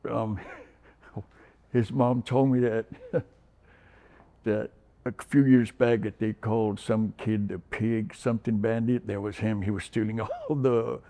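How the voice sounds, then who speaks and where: A man's voice: on the low side, fairly even intonation, slow, long pauses, warm tone. A man in his sixties from San Diego, giving a personal testimonial in an interview, talking in a rambling way with many fillers and restarts. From San Diego, California. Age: 60s. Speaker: recovery program resident.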